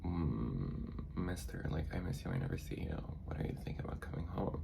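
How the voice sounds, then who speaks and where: A man's voice: low voice, big pitch swings, fairly quick, gravelly, background noise. A man chatting casually in a sassy, dramatic storytime vlog, full of fillers. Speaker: vlogger.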